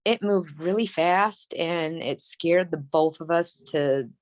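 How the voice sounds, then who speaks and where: Woman, thirties, low pitch, dry close sound, candid rambling talk, emotional. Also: slow pace, no echo. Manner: rambling, frequent "like" and "you know"; earnest and emotional. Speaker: interview guest. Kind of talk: candid personal storytelling.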